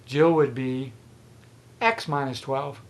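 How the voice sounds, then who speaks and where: A man's voice: medium pitch, steady tone, slow. Chatty man in his sixties. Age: 60s. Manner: chatty and rambling, with repeated false starts. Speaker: trivia channel host. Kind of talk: casual explanation of a math riddle. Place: outdoors.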